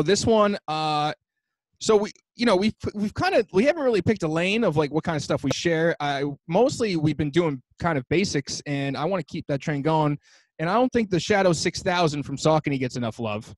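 Man, podcast co-host, relaxed slang-heavy banter; keep the voice a bit high and the sound dry. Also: dry recording. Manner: loose, swearing, slangy. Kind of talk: casual chat. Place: New York.

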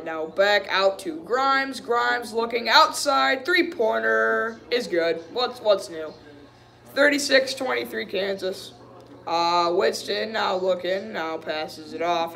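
A man's voice: high voice, vocal fry. A man giving a live play-by-play reaction as a frustrated fan, calling plays, venting and saying "dude" often. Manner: excitable, frustrated partisan fan who keeps saying "dude".

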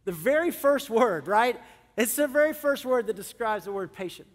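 A middle-aged male pastor preaching a sermon, animated, swinging between loud emphasis and soft, earnest moments. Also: very high voice, normal speed. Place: church sanctuary. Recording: long church hall reverb.

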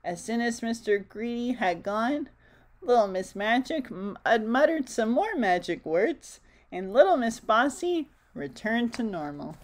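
Give me a woman reading a storybook to children at a slow, gentle pace. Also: fairly high pitch, big pitch swings. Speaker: storybook reader. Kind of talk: children's story read-aloud.

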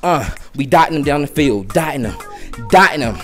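A young man giving excited live commentary on a football video game, bursting into shouts with friends in the room. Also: fairly high pitch, a little fast. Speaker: gameplay commentator. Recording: loud music over the voice.

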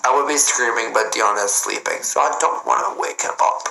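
A man's voice: medium pitch, a little fast, vocal fry, heavy background noise. A man livestreaming from home on his phone, chatting casually and greeting viewers by name in a playful, chatty way. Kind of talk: casual livestream chat reading comments. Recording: roomy echo.

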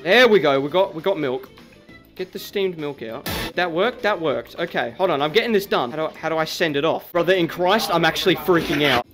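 A young Australian man giving excitable, joking let's-play commentary. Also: on the high side, a little fast, faint music behind. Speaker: gaming YouTuber.

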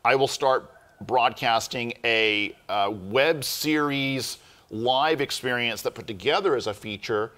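A man's voice: medium pitch, a little slow, fairly bright tone. Male co-host, filmmaker, earnest and explanatory, mid-range voice. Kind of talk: casual podcast chat.

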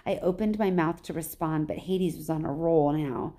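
Woman teacher, reads aloud, lowish voice, plain storytelling. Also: moderate pace, hardly any pauses. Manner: plain, even storytelling with small slips. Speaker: teacher reading to class. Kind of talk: reading a novel aloud.

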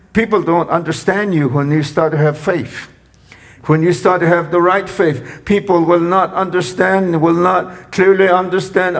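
A man with a high voice preaches a sermon at an unhurried pace. He repeats his phrases and lifts into loud cries when he quotes. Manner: repetitive, rising to shouts when quoting.

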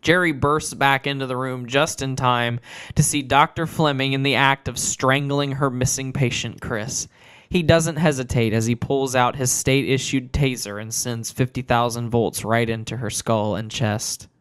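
A man telling a short story he wrote, in plain steady narration, then chatting loosely about it with fillers. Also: mid-range voice, moderate pace, clear, resonant tone, no room sound, studio quality. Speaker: storyteller and author. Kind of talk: reading a dark short story, then casual chat.

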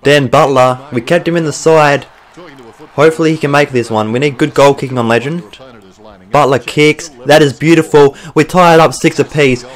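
A young Australian man, a gaming YouTuber, talks through his football video game at a moderate pace in a voice on the high side. It's let's play commentary full of swearing, and he's excitable and worked up, with bursts of frustration.

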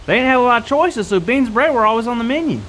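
A man's voice: very high-pitched, animated, very fast, fairly bright tone, slight background noise. A man playing Carl, a silly self-made pirate on a kids' church show, with a goofy, bouncy delivery and put-on pirate growls. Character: silly wannabe pirate named Carl, male, excitable and fire-fearing. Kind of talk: playful kids' ministry comedy bit.

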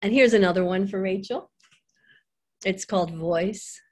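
A middle-aged woman, reading her own poems on a video call, slow and quiet on the lines. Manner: slow, soft reading voice that drops low on the lines. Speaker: poet reading her work. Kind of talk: poetry reading with chat between poems.

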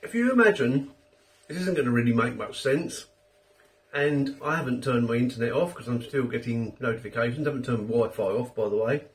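A man's voice: medium pitch, lively intonation, a little fast, recorded from a distance. A middle-aged British man hosting a casual food review, chatty and self-deprecating with rambling asides. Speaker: food reviewer, channel host.

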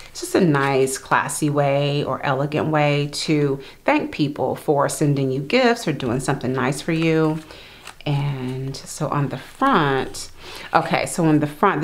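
A woman's voice: sits low, a little hiss or hum, rough recording. A woman chatting casually as she unboxes planner supplies and murmurs to herself while handling each item.

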